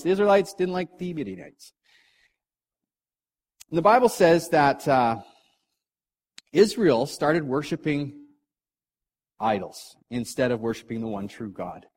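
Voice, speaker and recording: A middle-aged man preaching to a live audience in a hall, telling a story in a casual, animated way, with jokes and acted voices. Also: medium pitch. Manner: animated, jokey, acts out characters.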